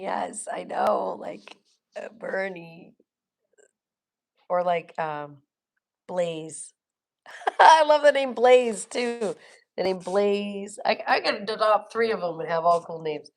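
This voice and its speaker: A woman's voice: fairly low pitch, slow pace, creaky, long pauses. A middle-aged woman chatting casually on her livestream, reading viewer comments, laughing often and swearing bluntly. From Florida. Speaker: livestream host.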